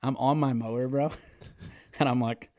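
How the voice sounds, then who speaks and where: A man, telling stories as a podcast guest in an animated way, swearing freely and laughing often. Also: mid-range voice, moderate pace, no echo, clean studio sound. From Texas. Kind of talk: casual storytelling.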